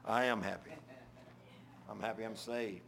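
An older man preaching an informal sermon, full of folksy stories and swinging between loud and hushed. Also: lowish voice, steady tone, unhurried, creaky, a little hiss or hum.

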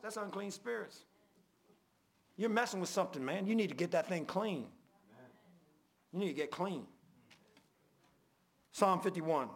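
Gravelly folksy male preacher. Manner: folksy preaching, rising loud then dropping low and quiet. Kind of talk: sermon.

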